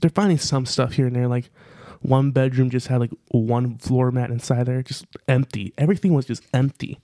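Podcast co-host, male, gravelly voice, loose rambling storyteller, dry close mic. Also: medium pitch, steady tone, moderate pace, mellow, no echo. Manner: rambling, filler-heavy telling with repeated phrases. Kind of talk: casual storytelling.

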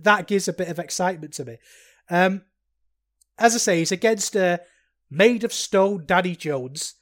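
Podcaster, solo match review, rambling and self-deprecating, mid pitch.

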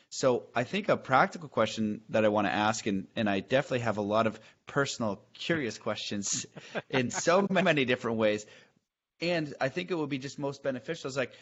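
Male host, enthusiastic, rambling questions, middle pitch, muffled lo-fi audio. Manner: enthusiastic, searching, restarts his questions. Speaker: podcast host. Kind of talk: casual chat.

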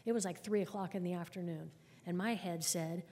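A woman's voice: on the low side, brisk, mellow. A woman telling her personal recovery story to a group at a meeting, candid and conversational, with wry humor. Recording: long hall reverb.

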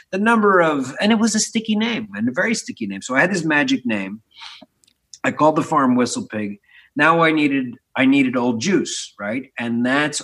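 A man in his forties, originally from Philadelphia, talks as a guest on an interview show. He tells his stories in a lively, rambling way, restarting his sentences and swearing now and then. His voice is mid-pitched and ordinary. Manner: animated, swears casually, many restarts. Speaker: podcast guest, spirits entrepreneur. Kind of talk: casual storytelling interview.

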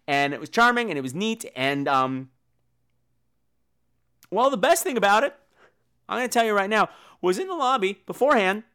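A man hosting a comedy podcast delivers a campy, profane rant, acting out the people he quotes. His voice sits high and sounds sing-song, pushed and bright yet smooth, at a moderate pace with long pauses.

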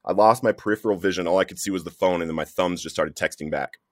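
Talking fast in a low voice, a man opens up about his recovery as a guest, his testimony earnest and emotional, with "bro" aimed at the listener again and again. The sound is clean studio quality without echo.

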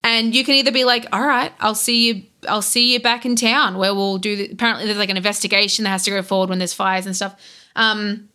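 A young Australian woman chatting casually on a podcast, animated and laughing, acting out characters' lines as she retells a game. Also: mid-range voice, fast talker. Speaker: podcast guest.

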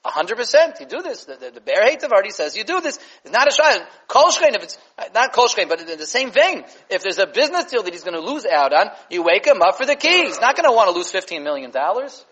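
A man teaches a Torah lesson at a quick clip, his fairly high voice leaping in pitch as he acts out the scenes. The recording sounds dull and lo-fi. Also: husky. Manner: animated, with many fillers and restarts. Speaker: rabbi teaching a class.

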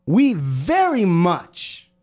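A man with a high-pitched voice hosts a casual podcast. He is from the United States and chimes in with brief reactions, then settles into long explanations. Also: huge pitch swings, extremely slow, darkish tone. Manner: interjects, then lectures at length. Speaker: podcast host. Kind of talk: casual chat.

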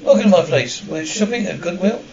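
A woman's voice: lowish voice, a little fast, far from the mic, a crowd in the background, close to an everyday voice. A woman playing a sarcastic, streetwise waitress. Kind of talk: sitcom acting. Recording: dull roomy TV audio from afar.

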